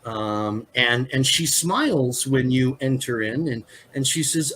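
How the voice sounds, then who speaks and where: A man narrating a tabletop game as game master, halting with many fillers and restarts. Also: mid-range voice, expressive, fairly bright tone, low-quality recording.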